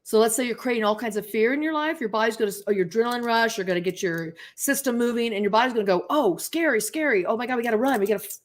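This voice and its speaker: A woman guest on a talk show who tells stories in a casual, animated way and acts out the voices of people she quotes. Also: medium pitch. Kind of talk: casual interview storytelling.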